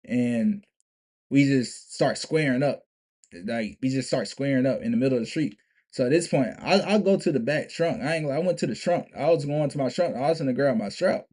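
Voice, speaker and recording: A man's voice: medium pitch, normal speed, darkish tone. A young man telling a story to camera in a casual, profane, emphatic way, restarting and repeating himself often. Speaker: vlogger.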